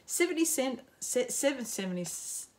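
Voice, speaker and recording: A middle-aged Australian woman chatting casually as a knitting podcaster at home, rambling and self-mocking, with frequent ums and quick laughs. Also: high voice, sing-song. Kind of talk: casual chat to camera. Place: home, in sunshine.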